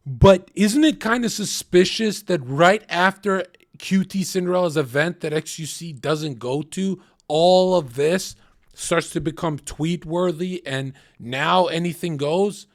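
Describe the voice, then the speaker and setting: A man streaming live, reacting to clips with profane, rambling commentary. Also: high-pitched.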